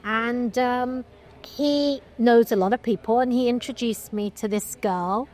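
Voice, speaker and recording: Animated woman telling a story. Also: fairly high pitch, measured pace. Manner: animated storyteller, acts out quotes, frequent restarts. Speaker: guest film producer. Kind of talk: casual interview storytelling.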